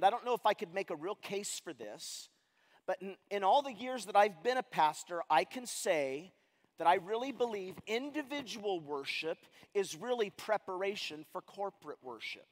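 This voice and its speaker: A man's voice: high-pitched, lively intonation, moderate pace. Emphatic male pastor preaching in a reverberant hall. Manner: emphatic preaching, rhetorical questions, shifts between loud and quiet. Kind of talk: sermon. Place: large church sanctuary.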